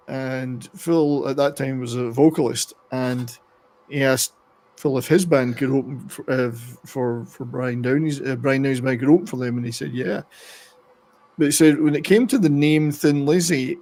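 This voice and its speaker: A man with a gravelly, creaky voice hosts a relaxed chat about rock music. He rambles a bit, stops to read passages aloud, and pitches his voice right in the middle range for a man. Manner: rambling, reads excerpts aloud. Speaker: podcast host.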